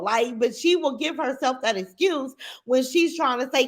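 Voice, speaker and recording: A middle-aged woman with a slightly high voice hosts a casual livestream. She talks straight to her chat in a blunt, animated, opinionated way and reads comments out loud. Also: a little slow.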